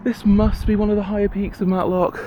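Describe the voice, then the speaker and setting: A man's voice: sits high, flat delivery, brisk, dark tone, a little hiss or hum. A man talking casually while out on a hill walk, rambling and self-mocking with the odd swear word, a bit out of breath. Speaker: vlogger. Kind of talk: casual hiking vlog. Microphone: handheld camera.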